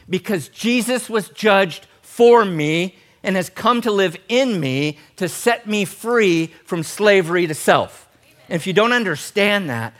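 In a fairly high-pitched voice, a middle-aged man preaches a lively, funny sermon. He alternates loud emphasis with gentle, tender moments.

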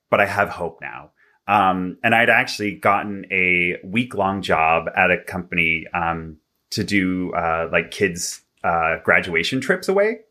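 Young man from Canada, low bright voice, casual filler-heavy storyteller. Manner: chatty, filler-heavy, animated when quoting himself. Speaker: interview guest.

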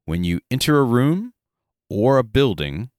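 A man co-hosting a casual tabletop gaming podcast, rambling and joking with quick asides. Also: mid-range voice, sing-song, a little mellow, dry recording, studio quality. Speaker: podcast co-host.

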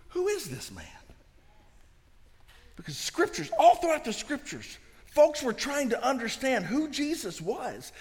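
A man preaching a sermon as a guest pastor, swinging from soft passages to shouting. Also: extremely high pitch. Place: church sanctuary. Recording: reverberant church hall.

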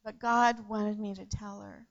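A woman preaching a sermon in an earnest way, repeating phrases and swinging from hushed to loud. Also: medium pitch, flat delivery, measured pace, creaky, dull audio.

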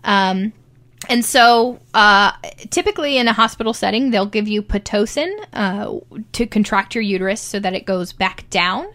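A young woman tells her birth story in a loose, conversational way. She fills her talk with ums and likes and slips into quoted voices as she goes. Her pitch sits in the middle. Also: normal speed, fairly bright tone. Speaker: new mother telling her birth story. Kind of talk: casual personal storytelling.

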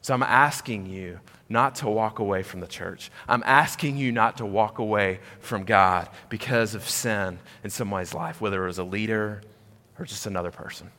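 A man preaching a sermon in a big reverberant hall. His voice is bright and forceful. He climbs to loud, high emphasis, then drops low and quiet, and repeats phrases to hammer them in. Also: moderate pace. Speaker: pastor.

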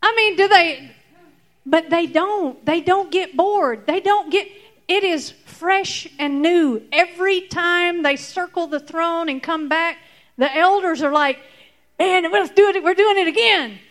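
A woman teaching a lively Bible lesson to children, acting out the story with fillers and bursts of excitement. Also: extremely high pitch, takes it slowly.

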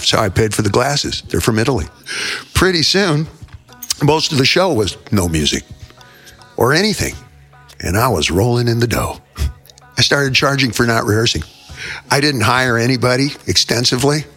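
A man's voice: mid-range voice, fairly bright tone. An older man hosting a show, telling rambling jokes in a theatrical, self-mocking way. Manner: theatrical, joking, self-mocking, wanders off topic. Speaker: host. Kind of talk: rambling comic monologue.

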